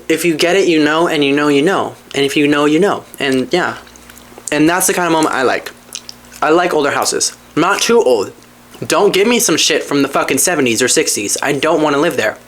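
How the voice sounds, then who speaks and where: A podcast host telling a personal story in casual chat, candid and profane, rambling with asides and swinging between low mutters and excited highs.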